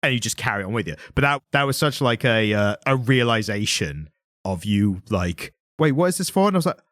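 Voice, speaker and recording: A man's voice: fairly low pitch, lively intonation, a little fast, fairly bright tone, dry recording, studio quality. A man co-hosting a comic book podcast in casual chat, rambling with many restarts and voicing his own past thoughts. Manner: rambling, restarts mid-sentence, quotes himself in voices. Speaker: podcast co-host.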